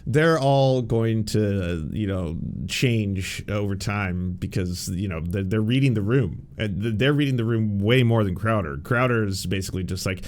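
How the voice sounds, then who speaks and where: A man's voice: on the low side, normal speed, hardly any pauses, darkish tone. A man hosting a political commentary podcast, sarcastic and profane, rambling with restarts. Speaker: podcast host.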